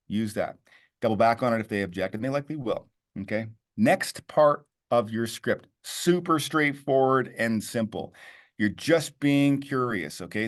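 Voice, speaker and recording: A Canadian man coaching real estate agents on phone scripts, animated and emphatic with lots of inflection. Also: medium pitch, moderate pace. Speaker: real estate team leader, co-host. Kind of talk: sales coaching talk.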